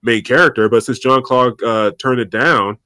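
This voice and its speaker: A man co-hosting a podcast in relaxed, casual chat, full of filler words. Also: medium pitch, moderate pace, smooth. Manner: laid-back, heavy on fillers. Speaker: podcast co-host.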